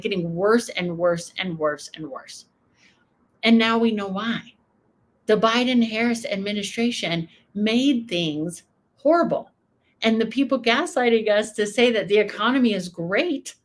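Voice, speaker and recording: Woman, reaction host, casual commentary, emphatic, medium pitch. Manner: emphatic, animated storytelling.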